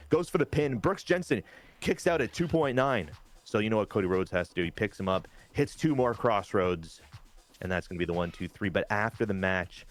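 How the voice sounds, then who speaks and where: A man giving a casual recap of his wrestling game league, excitable and swearing now and then. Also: fairly low pitch. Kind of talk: casual gameplay recap commentary.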